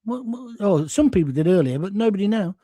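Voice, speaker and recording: An older man rants through a live online show, blunt and sarcastic as he reads out viewer comments. His voice sits fairly high for a man. The sound is close and dry, with little room around it. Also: expressive, brisk, dark tone, no echo. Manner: blunt, sarcastic, mocking voices in mini-skits. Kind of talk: ranting live-stream commentary.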